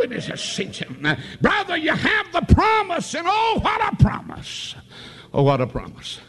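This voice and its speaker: An older man from the North Carolina mountains with an Appalachian accent, preaching a revival sermon with folksy stories that rise into shouted praise. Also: mid-range voice.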